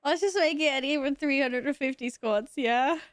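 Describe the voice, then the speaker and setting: Woman livestreamer, fairly high voice, dry close sound, excitable and quick to laugh in casual chat. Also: dry recording. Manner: excitable, laughs often, swears when amazed. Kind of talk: casual stream chat with viewers.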